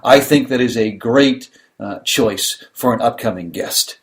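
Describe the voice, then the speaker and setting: A man's voice: mid-range voice, a little slow. A man hosting a podcast, telling stories in a rambling, casual way with many restarts. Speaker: podcast host. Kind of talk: casual chat.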